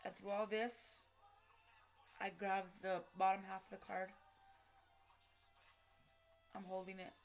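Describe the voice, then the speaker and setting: A woman telling a personal story straight to camera, blunt and heavily profane, halting and restarting as she goes. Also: medium pitch, little pitch movement, soft background music. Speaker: vlogger recounting a personal story.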